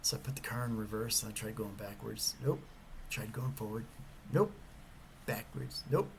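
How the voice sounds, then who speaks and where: A man giving a motivational talk and telling a personal story. He is animated and swings between loud emphasis and hushed whispers. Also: lowish voice, normal speed, gravelly, a little hiss or hum, low-quality recording. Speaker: motivational speaker.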